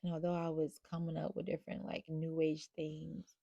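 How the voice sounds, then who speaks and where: A woman speaks in a fairly low, gravelly voice in a candid vlog monologue. She talks earnestly and with feeling as a motivator and mom coach, rambling through stories with plenty of fillers. The sound is dry, with almost no room echo. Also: monotone, normal speed, mellow. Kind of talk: casual confessional vlog monologue.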